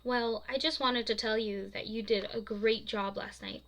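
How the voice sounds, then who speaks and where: A woman's voice: on the high side, steady tone, moderate pace, fairly bright tone. A woman voicing a playful, lovestruck teenage boy, slipping into silly baby talk. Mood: eager.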